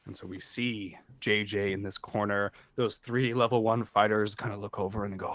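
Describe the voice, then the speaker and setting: Man, game master, tabletop narration, low voice, dry sound. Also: steady tone, a little fast, hardly any pauses, fairly bright tone, no room sound. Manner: loose, filler-heavy narration.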